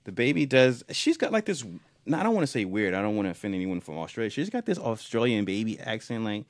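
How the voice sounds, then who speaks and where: Lowish-voiced guy on a movie podcast, rambly and excited, lots of ums. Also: fast. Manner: rambling, enthusiastic, frequent fillers and restarts. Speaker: podcast co-host. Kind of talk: casual film podcast chat.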